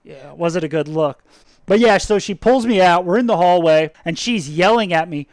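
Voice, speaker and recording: A man with a fairly high voice reacts to a video in casual chat. He tells anecdotes and laughs often. The sound is dry and close, with no room echo. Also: normal speed.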